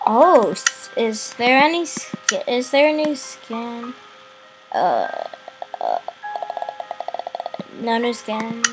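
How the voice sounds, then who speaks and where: A young woman reacting out loud to a game cutscene as a gaming video host, with emotional, expressive exclamations. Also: a little high, very slow, pauses often, over loud music, rough recording. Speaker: gaming YouTuber.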